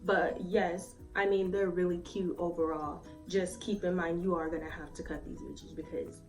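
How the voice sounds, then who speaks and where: A woman's voice: on the low side, steady tone, moderate pace. Chatty, foul-mouthed woman reviewing lashes. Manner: chatty, swears freely, lots of "like" and "um". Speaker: beauty vlogger. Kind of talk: casual try-on review. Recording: slightly distant mic with faint music.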